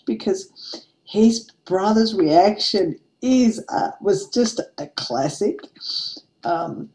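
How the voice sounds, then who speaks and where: A woman in her forties, a craft vlogger, tells a funny anecdote during a casual chat and laughs often along the way. Her medium-pitched voice is warm and expressive, her pace is slow, and the recording is rough.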